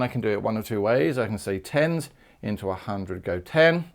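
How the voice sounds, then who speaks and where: Upbeat chatty man teaching maths. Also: mid-range voice. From United Kingdom. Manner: upbeat and chatty, with playful asides. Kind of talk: video maths lesson.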